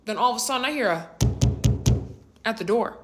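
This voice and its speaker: A young adult woman narrating a personal storytime vlog in a casual, slangy and animated way, with rhetorical asides to the listener. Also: fairly high pitch, brisk, over loud music.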